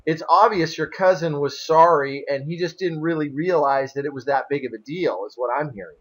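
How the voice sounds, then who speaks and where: A man's voice: fairly high pitch, a little fast, a bit bright. Man with a dull lo-fi sound. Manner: plainspoken, explains at length with folksy asides. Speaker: interview host, former elder. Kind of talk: casual conversational interview. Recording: dull lo-fi audio.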